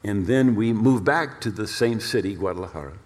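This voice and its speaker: A male pastor preaching a storytelling sermon in an animated way, repeating words for emphasis. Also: lowish voice, a little fast. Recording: long reverb of a large hall.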